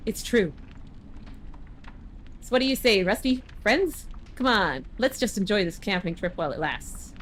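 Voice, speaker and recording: A woman's voice: mid-range voice, lively intonation, a little slow, long pauses, a bit bright, a little hiss or hum. A woman voicing a cocky, easygoing young male thief as she reads game dialogue aloud in a teasing, laid-back way.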